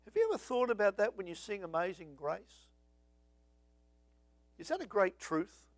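A man's voice: sits high, sing-song, moderate pace, dry recording. A man preaching a sermon, telling a story with dramatic rises and acting out voices. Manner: dramatic, acts out voices of biblical figures.

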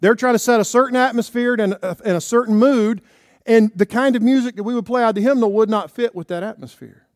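A man's voice: very high-pitched, fast talker, dry recording, studio quality. A man preaching a sermon in church, talking conversationally and checking in with "okay?" and "right?". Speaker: pastor.

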